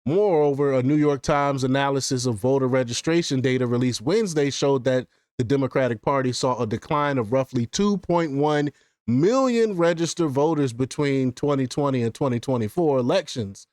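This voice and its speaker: A man's voice: mid-range voice, moderate pace, a little mellow, dry recording, studio quality. A man hosting a commentary show, reading news quotes aloud and breaking into laughing asides, sometimes stumbling over words. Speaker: political commentary host.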